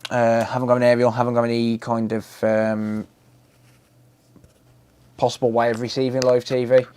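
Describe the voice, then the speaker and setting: A British man, mid-pitched and ordinary in tone, talking loosely to his viewers during a live stream. He reads out their comments and answers them in a relaxed, chatty way, with the odd swear word thrown in. It sounds like he is at home. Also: normal speed, slight background noise. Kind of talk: casual live-stream chat.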